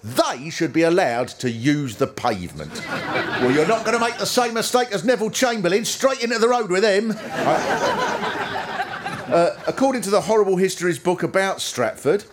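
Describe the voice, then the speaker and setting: A man's voice: high voice, moderate pace. A man doing a stand-up comedy routine on stage, acting out the people he quotes. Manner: animated, acts out quoted characters. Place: theatre with a live audience. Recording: noisy live stage recording. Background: audience laughter.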